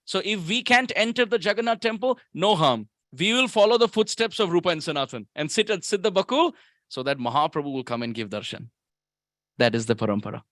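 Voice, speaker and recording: A man giving a devotional sermon at a temple, telling stories with sudden pitch swings and rhetorical questions to his listeners. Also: fairly quick, dry recording, studio quality. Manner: animated storyteller who shifts pitch sharply for emphasis; asks the audience rhetorical questions. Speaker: visiting speaker giving a temple talk. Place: temple hall.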